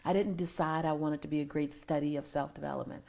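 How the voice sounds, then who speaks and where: A woman's voice: deep voice, steady tone, fast, gravelly, darkish tone. A woman in her forties, a motivational speaker telling a personal story as an interview guest, earnest and emotional, sometimes dropping to a near-whisper.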